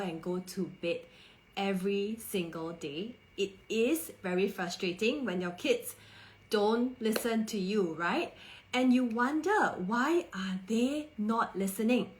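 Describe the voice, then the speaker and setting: A woman's voice: mid-range voice, low-quality recording. A woman in her thirties hosting a parenting live stream, asking viewers questions and speaking in an empathetic, coaxing way. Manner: warm-toned rhetorical questions, coaxing and empathetic.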